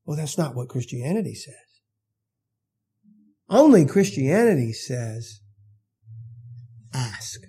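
A man's voice: fairly high pitch, big pitch swings, unhurried, pauses often, warm tone, slightly rough. A male pastor preaching an expository sermon in a conversational way, often asking his listeners questions.

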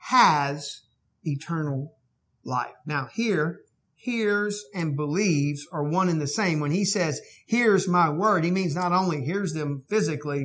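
A male pastor preaching a sermon, moving between quiet verse-by-verse teaching and loud, emphatic exhortation. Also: fairly high pitch.

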